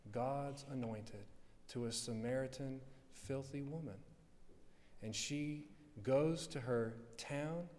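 A man preaching a sermon with fervour, rising to loud passages and dropping to hushed ones. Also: mid-range voice, slight background noise. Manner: fervent, swinging from loud to hushed. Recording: long reverb of a hall.

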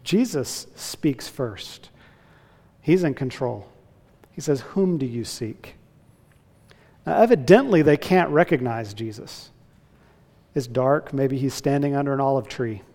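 A man's voice: mid-range voice, expressive, unhurried, long pauses, darkish tone. Emphatic male preacher in a reverberant hall. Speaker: pastor. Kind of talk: sermon.

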